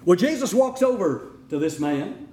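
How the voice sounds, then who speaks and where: Animated preacher man in echoey hall. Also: sits high, moderate pace, a little hiss or hum. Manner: animated, acts out whining voices. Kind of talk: sermon.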